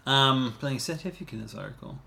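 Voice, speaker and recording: An Australian woman co-hosting a casual movie chat, with quick, dry, teasing quips. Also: extremely low pitch, lively intonation, creaky, sharp tone. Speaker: podcast co-host.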